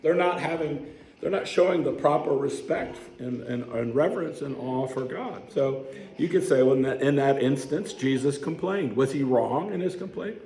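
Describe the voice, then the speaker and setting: A man's voice: mid-range voice, normal speed, mellow, roomy sound, poor audio. A man preaching a sermon as a pastor, telling the story in a conversational way and putting questions to the congregation. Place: church sanctuary.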